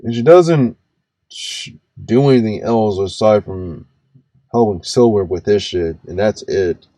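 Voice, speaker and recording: A young man rants in a reaction commentary, tripping over his words, restarting sentences and cursing as he goes. His voice sits on the low side with a dark, mellow tone, and it is recorded dry and close with no room sound. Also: unhurried, no echo. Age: 20s. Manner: stammering, restarts and repeats words, swears freely. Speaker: commentary host reacting to a video.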